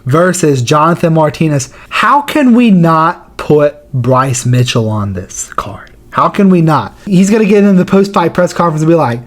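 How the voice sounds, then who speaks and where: A man's voice: sits high, expressive, moderate pace. A man hosting his own channel, giving casual commentary in slangy and profane talk. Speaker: channel host.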